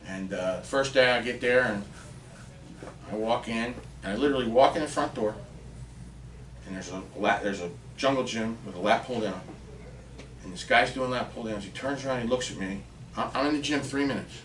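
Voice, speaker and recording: A man in his fifties from Pennsylvania spins a casual, animated story as a podcast guest and swears now and then. His voice sits at an ordinary middle pitch. The mic is some way off in a reverberant room. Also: moderate pace, slight background noise. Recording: roomy and distant from the mic.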